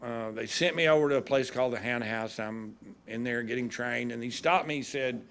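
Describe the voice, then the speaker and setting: A man's voice: medium pitch, a little fast, fairly bright tone. A man, a judge giving a folksy, humorous speech at a graduation ceremony.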